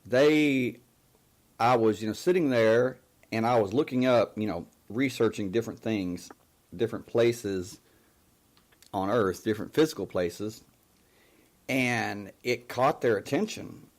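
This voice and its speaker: Man, slow halting storyteller, low voice, lots of ums and restarts. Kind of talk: casual storytelling on a live talk show.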